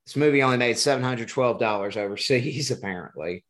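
A man's voice: mid-range voice, brisk, fairly bright tone. A man hosting a podcast in casual chat, rambling and joking, often restarting his words. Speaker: podcast host.

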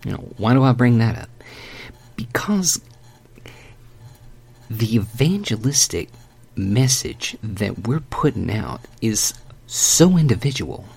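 A man preaching a conversational sermon, animated and emphatic, with folksy asides as he walks through a Bible passage. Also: mid-range voice, slow, creaky, pauses often, slightly rough.

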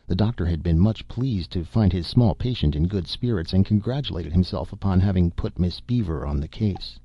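Deep husky guy reading a story, steady, dry and kinda muffled sound. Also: no echo. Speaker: audiobook narrator. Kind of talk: scripted narration.

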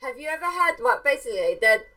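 A woman guest on a casual podcast, speaking high in her range with animated exasperation. Her delivery is lively and quick to react. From England. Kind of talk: casual chat.

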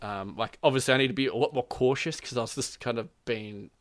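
A man's voice: medium pitch, quick pace, no echo. A man telling a gaming story in casual chat, rambling with lots of "like" and frequent laughs. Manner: rambling, says "like" constantly, laughs often, acts out quotes.

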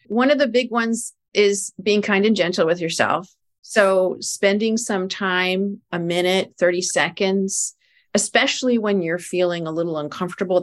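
A middle-aged woman, a spiritual life coach, explaining ideas calmly in a casual podcast conversation. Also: on the low side.

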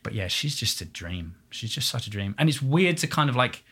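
A man talking as a guest, with a bright, forward tone and a husky edge to his voice. He is chatty and animated, and fills his stories with asides and imitations. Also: mid-range voice, a little fast. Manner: chatty and animated, full of fillers and quoted voices. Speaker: guest, stage performer. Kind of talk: casual interview chat.

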